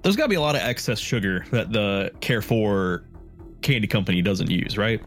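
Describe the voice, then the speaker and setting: Male player, lowish voice, wry joker, faint music. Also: lively intonation, brisk. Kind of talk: casual tabletop role-play.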